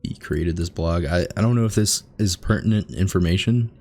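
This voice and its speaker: A man hosts a let's play, musing aloud as he reads on-screen text in a casual commentary style. His voice sits low and a little mellow, at a moderate pace.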